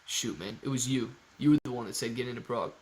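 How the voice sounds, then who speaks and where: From his home livestream setup, a man of medium pitch talks fast while hosting a laid-back stream about stocks. He picks up messages from viewers and responds cheerfully and conversationally.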